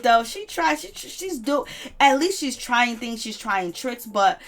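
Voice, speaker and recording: A woman's voice: on the high side, big pitch swings, unhurried. A woman casually recapping reality TV gossip, laughing often and acting out what others said. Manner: gossipy, laughs often, quotes people dramatically. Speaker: commentary host.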